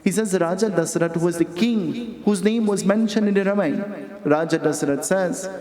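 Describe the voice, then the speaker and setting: Casting: Trinidadian male pandit, fairly high voice, emphatic sermon delivery, long hall reverb. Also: moderate pace, a crowd in the background. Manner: emphatic, repeats questions to the congregation. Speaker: Hindu pandit. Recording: reverberant hall with music behind.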